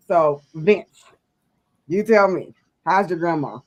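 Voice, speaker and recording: A woman's voice: on the low side, slow, highs cut off. Chatty woman co-hosting a radio show. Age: 30s. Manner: laughing, chatty, asks guests questions. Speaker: radio co-host. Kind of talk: casual radio chat.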